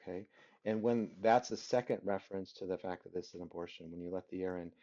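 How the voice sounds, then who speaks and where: A man's voice: sits low, fast talker, mellow. A man teaching a literature class, talking through a story and often checking in with his listeners by asking "right?". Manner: keeps asking the listeners rhetorical "right?" questions. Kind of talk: recorded class lecture. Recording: dull lo-fi recording.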